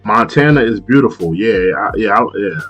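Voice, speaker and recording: A man's voice: fairly low pitch, expressive, moderate pace, fairly bright tone, highs cut off, faint music behind. A man from Long Island, hosting a live stream and chatting casually, rambling and repeating himself with frequent laughs. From Long Island, New York. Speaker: live stream host reading chat. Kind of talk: casual chat.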